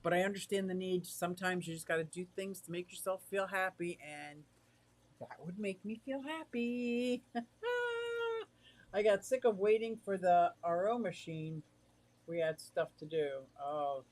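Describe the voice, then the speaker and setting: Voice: mid-range voice, unhurried. Chatty host reading viewer comments. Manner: chatty, reads viewer comments aloud and answers them; warm and easily excited. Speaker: aquarium livestream host. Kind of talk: casual livestream chat.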